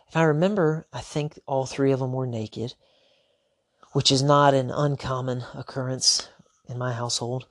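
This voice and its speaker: A man in his thirties with a light drawl talks through a solo podcast episode. He poses rhetorical questions and tells a family story in a conversational way. His voice sits at an ordinary pitch and is recorded dry and close, with no room sound. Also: no room sound. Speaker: podcast host.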